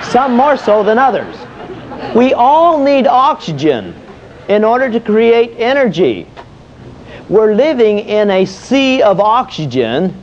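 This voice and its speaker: A man's voice: sits high, darkish tone. A man leading an exercise demonstration as a fitness instructor, folksy and jokey, asking questions and answering them himself. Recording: dull lo-fi old video sound.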